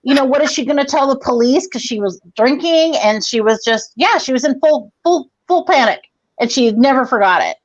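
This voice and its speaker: A woman in her forties on a video call, telling a rambling, profane story in a casual, animated way. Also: high-pitched, a little fast, no room sound, highs cut off. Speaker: guest comedian.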